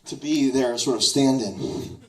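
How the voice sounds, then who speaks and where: A man doing stand-up comedy, telling absurd stories in a deadpan, rambling way. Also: medium pitch, measured pace, roomy sound, far from the mic, rough recording.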